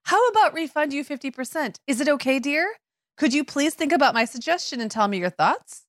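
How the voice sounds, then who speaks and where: A woman's voice: high voice, animated, fairly quick, fairly bright tone, dry recording, clean studio sound, pitched above the performer's own voice. A woman doing a dramatic reading as an overly apologetic female customer service agent, formal and pleading. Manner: formal, pleading, excessively polite.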